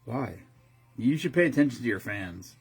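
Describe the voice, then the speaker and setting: A man's voice: mid-range voice, expressive, normal speed, husky. A man in his fifties chatting casually as a host, rambling and swearing, with lots of restarts. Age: 50s. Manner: rambling and profane, with frequent restarts. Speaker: streamer host. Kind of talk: casual chat.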